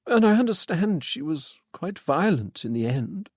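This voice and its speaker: A man's voice: a little high, sing-song, a little slow, a little mellow, breathy edge, dry recording, pitched above the performer's own voice, heavily acted. An anxious, sorrowful middle-aged society widow, as a male narrator puts her on. Her voice sits well above his own, and it sounds hesitant and mournful in a dry, close storybook reading.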